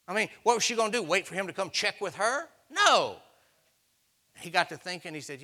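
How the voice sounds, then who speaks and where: In a high, sing-song voice and at a fairly quick pace, a man delivers a sermon built on folksy tales. He acts out each character, his voice rising until he's shouting.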